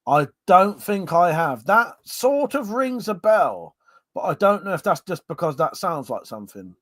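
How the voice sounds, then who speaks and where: A man's voice: high voice, big pitch swings, a bit bright, no echo. An English man hosting a casual drinking livestream and reading viewer comments aloud, joking, laughing and swearing freely, with a drink in hand. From Buckinghamshire, England. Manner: jokey and laughing, swears freely, drawn-out repeated agreements. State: having a drink. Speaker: livestream host.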